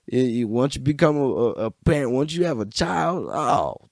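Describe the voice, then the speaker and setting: A young adult man hosting a podcast alone, talking in a rambling, profane way with sudden animated outbursts. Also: mid-range voice, moderate pace, creaky, no echo, clean studio sound. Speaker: podcast host. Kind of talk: casual solo monologue. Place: room by a bookshelf.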